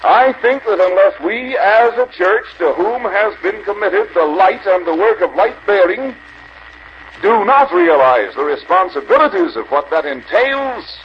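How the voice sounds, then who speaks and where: Older male preacher, fervent exhortation, lively pitch, muffled archival tape. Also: a little slow. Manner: earnest exhorting, rhetorical questions. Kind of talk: convention sermon. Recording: dull archival recording with faint hiss.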